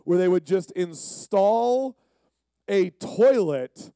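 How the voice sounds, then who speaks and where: Jokey mellow-voiced man telling a story. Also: sits high, expressive, takes it slowly, dry recording. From Pennsylvania. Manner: jokey, rambling. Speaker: youth speaker. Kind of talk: casual sermon storytelling.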